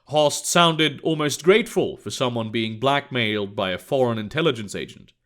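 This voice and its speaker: A man narrating a scripted spy story in a steady, measured reading. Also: mid-range voice.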